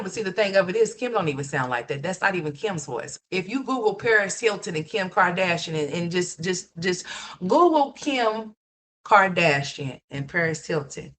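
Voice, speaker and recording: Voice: medium pitch, fairly bright tone. A livestream host giving ranting gossip commentary, blunt and profane, repeating points and talking straight to viewers.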